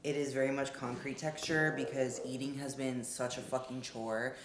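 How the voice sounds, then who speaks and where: A woman's voice: rumbling low, flat delivery, normal speed, background noise. A young woman chatting candidly in a casual vlog, swearing freely as she talks. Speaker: vlogger, pro bodybuilder.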